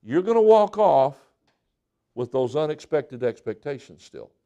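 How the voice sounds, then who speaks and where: A man's voice: on the high side, big pitch swings, unhurried, mellow, highs cut off. A pastor preaching a conversational sermon to his congregation, acting out little exchanges between couples. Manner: conversational preaching with acted-out quotes.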